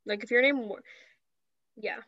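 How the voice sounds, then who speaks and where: A young woman with a fairly high voice co-hosts a casual podcast, playfully teasing her friend. Her voice comes through a slightly dull, lo-fi recording. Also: fairly even intonation, measured pace, bright, forceful tone, no room sound. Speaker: podcast co-host. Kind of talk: casual chat. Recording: muffled lo-fi podcast audio.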